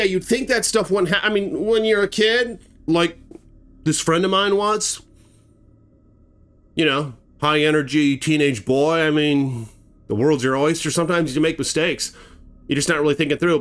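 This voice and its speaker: A man's voice: a little high, moderate pace, fairly bright tone. A man telling a gruesome story in a casual spoken way, acting out sound effects and swearing freely. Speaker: storyteller host.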